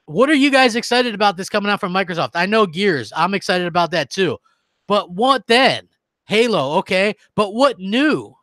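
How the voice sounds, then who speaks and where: Bright-voiced man ranting about gaming. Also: sits high, animated, normal speed, no room sound. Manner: heated, ranting, reads out viewer comments. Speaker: gaming channel host. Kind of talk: live-stream rant.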